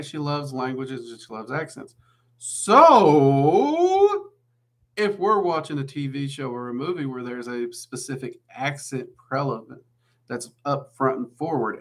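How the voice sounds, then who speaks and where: Man, Southern US accent, gravelly voice, mid pitch, chatty rambling livestream host. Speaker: livestream host answering viewer questions. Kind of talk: casual livestream Q&A.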